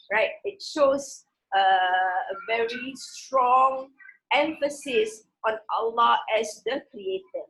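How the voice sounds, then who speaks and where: A woman teaching a Quran passage, reading the Arabic words slowly and with stress, then explaining them in a relaxed way with many restarts. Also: fairly high pitch, low-quality recording.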